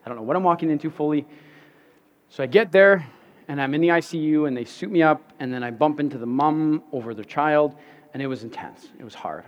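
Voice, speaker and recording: A man preaches from the pulpit, his voice sitting a little high for a man. He tells stories in an animated way, doubling back over his words and laughing at himself. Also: a little fast, lo-fi sound. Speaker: pastor. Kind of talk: sermon.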